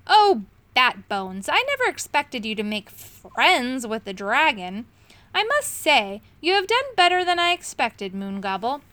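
A woman's voice: sits high, very animated, a little slow, pushed and bright, dry recording, heavily acted. A woman voicing a scheming male magician villain, reading with a sneering, mocking manner for a storybook.

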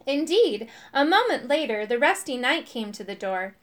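Animated woman reading a children's story. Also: high-pitched, moderate pace. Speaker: audiobook reader.

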